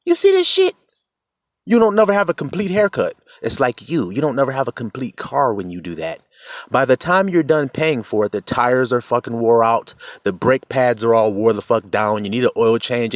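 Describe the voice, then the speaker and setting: A man's voice: medium pitch, animated, moderate pace, dry recording. A young man, giving life advice in a casual, preachy monologue, laughing often, swearing, and acting out quotes.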